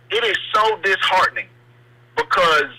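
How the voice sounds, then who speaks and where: A man calling in to a talk show, speaking with passion and tripping over repeated words. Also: high-pitched. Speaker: caller. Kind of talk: call-in radio talk. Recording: noisy call-in line.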